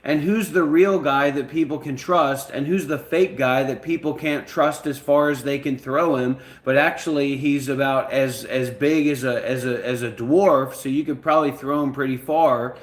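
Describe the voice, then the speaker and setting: A man's voice: mid-range voice, fairly even intonation, moderate pace, few pauses. A man hosting a channel, bluntly and profanely bossing an AI around in casual talk. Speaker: channel host. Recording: echoey room.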